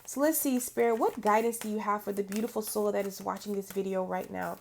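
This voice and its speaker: A woman's voice: mid-range voice, fairly even intonation, a little fast, gravelly. A woman, an intuitive spiritual guide, speaking to the camera in a motivational talk, emphatic and encouraging, often repeating her key phrases and laughing as she talks. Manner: laughs often while talking.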